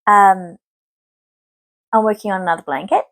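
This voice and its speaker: A woman's voice: mid-range voice, normal speed, fairly bright tone, dry recording. A woman in her thirties hosting a knitting podcast, chatting casually and rambling with many filler words. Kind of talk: casual chat to camera.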